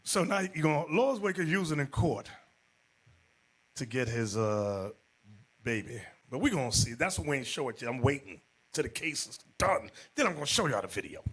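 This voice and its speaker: A man preaching as a bishop in a Bible class, telling stories in an animated way and acting out the people in them, sometimes shouting. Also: medium pitch, normal speed, breathy edge. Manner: animated, acts out quotes, jumps to shouting. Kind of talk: storytelling Bible class sermon.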